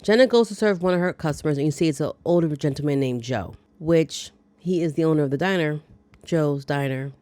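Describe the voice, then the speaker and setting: A woman's voice: sits low, fairly quick, dark tone, no room sound. A woman hosting a casual movie recap, chatty, with playful asides and reactions to the story. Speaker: movie review host.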